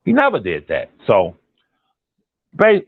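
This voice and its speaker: A man, a guest on a call-in commentary chat, talking in an animated, repetitive and emphatic way. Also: mid-range voice, slow, vocal fry, husky, dry recording. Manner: animated, repetitive and emphatic, drops into imitated quotes. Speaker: guest on a commentary channel, relative of a defendant. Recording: tinny phone line.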